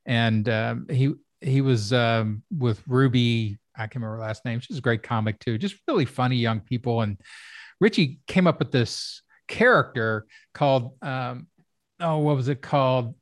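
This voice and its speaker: A man's voice: mid-range voice, moderate pace, dry recording. Male comedy-producer type, casual storyteller, medium voice, dry close recording. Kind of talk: casual podcast chat.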